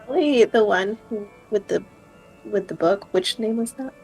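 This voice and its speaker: A woman's voice: fairly high pitch, expressive, normal speed, vocal fry, a little mellow, breathy edge, faint music behind, rough recording. Hesitant woman player thinking aloud. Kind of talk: tabletop role-play.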